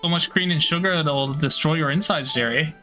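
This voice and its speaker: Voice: mid-range voice, fairly quick, sharp tone, faint music behind, lightly acted. A streamer putting on an exaggerated Canadian accent as a folksy, over-friendly guy who tags every line with "there" and "eh". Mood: folksy teasing. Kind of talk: joking voice while livestreaming a game.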